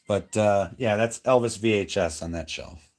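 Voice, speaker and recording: A man's voice: on the low side, moderate pace, a little mellow. Chatty man giving a home tour. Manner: chatty, rambling, playful. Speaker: channel co-host giving a room tour. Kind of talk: casual live-stream chat. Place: home media room. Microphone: handheld phone camera.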